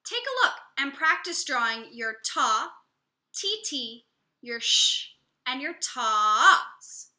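A woman music teacher giving a slow, clear, encouraging lesson to young children. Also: high voice, sing-song, pushed and bright, reverberant.

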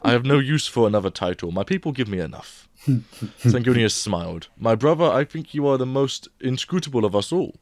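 A man's voice: mid-range voice, expressive, fairly quick, no room sound. A man co-hosting a podcast, reading a book excerpt aloud and laughing lightly between lines. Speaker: podcast co-host.

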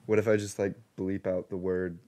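A young man co-hosting a podcast in casual chat, talking in halting, filler-heavy phrases. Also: low-pitched, level tone, dark tone. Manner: hesitant, filler-heavy talk. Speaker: podcast co-host.

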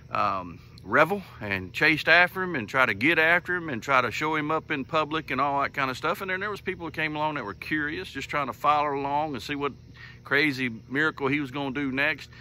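A man's voice: a little high, brisk, bright, forceful tone, slight background noise. A middle-aged man, hosting a morning devotional commentary in a folksy, homespun storytelling manner. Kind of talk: casual faith talk.

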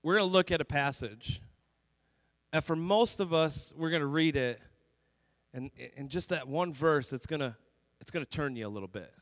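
A man's voice: on the high side, normal speed, a bit bright, dry recording, big-room sound. A young adult man preaching a conversational sermon as pastor in a church, repeating words and dropping in many "you know"s. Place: church sanctuary.

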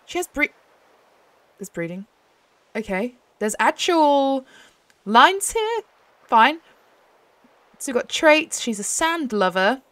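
A young woman host chatting excitedly as she plays a game, often laughing. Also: sits high, slow, long pauses, no room sound. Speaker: gaming channel host. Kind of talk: casual gameplay commentary.

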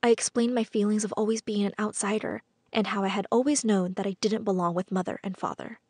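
A woman reading a scripted first-person story as narrator, in a measured, earnest storytelling manner. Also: mid-range voice, steady tone, a little mellow, no echo, studio quality.

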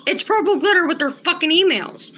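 A woman's voice: very high voice, brisk, pushed and bright. A woman livestreaming and talking to her chat, agitated and profane, often repeating herself. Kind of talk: casual livestream chat, reading chat.

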